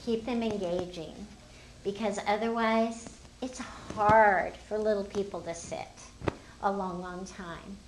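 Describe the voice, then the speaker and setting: A woman's voice: mid-range voice, steady tone, takes it slowly, noisy background. An older woman teacher explaining a phonics lesson in an upbeat, teacherly way, talking to fellow teachers. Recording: roomy echo.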